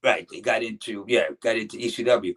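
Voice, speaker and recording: A man's voice: on the low side, steady tone, fairly quick, a bit bright. Rambling New man telling stories. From New Jersey. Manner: rambling, restarts, acts out quotes of others. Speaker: guest, former pro wrestler. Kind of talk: casual interview storytelling.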